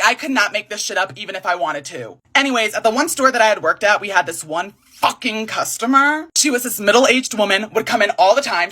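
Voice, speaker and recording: A woman who used to be a barista, telling an indignant story to camera with lots of swearing. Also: sits high. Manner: animated, indignant, heavy swearing. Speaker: former barista.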